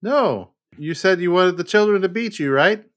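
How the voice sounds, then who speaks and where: Man, tabletop player, playful and jokey, lively pitch. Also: normal speed. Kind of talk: tabletop game chat.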